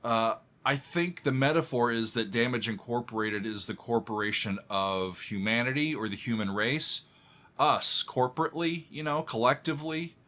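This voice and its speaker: A man who is a composer, giving music reaction commentary, excitable and humming along as he talks to viewers like friends. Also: mid-range voice, normal speed.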